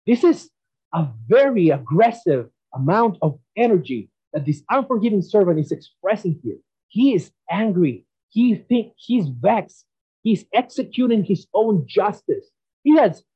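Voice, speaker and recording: A man preaching a sermon, emphatic and animated, often asking his listeners questions. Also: fairly high pitch, husky, lo-fi sound.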